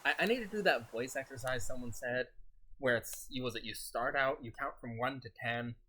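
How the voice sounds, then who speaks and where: A soft-spoken man chatting loosely over a game stream, his thoughts drifting from one tangent to the next. His voice has a bright, crisp edge to it, and he chuckles often between his sentences. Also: mid-range voice, brisk, slight background noise. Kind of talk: casual gaming stream chat.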